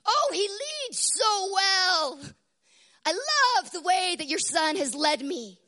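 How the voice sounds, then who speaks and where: A woman preaching a devotional sermon with a strained voice, dropping to hushed whispers and then rising to loud, fervent exclamations. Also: very high-pitched, very animated, slow pace.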